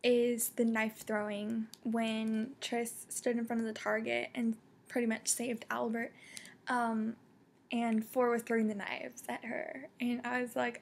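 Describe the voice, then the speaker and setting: A young woman reviewing a book casually, excitable and full of fillers and restarts. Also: on the high side, unhurried, vocal fry, slight background noise. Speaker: book vlogger.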